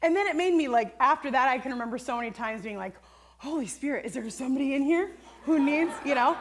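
A woman's voice: sits high, animated, fast talker. Earnest woman preacher telling a story. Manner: earnest, conversational storytelling with many "like" fillers. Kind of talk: sermon with personal story.

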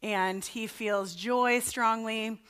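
A woman pastor delivers a sermon in a relaxed, chatty manner, her voice sitting on the higher side. She moves easily between storytelling and scripture, with self-deprecating asides. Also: drawn-out words, clear, resonant tone.

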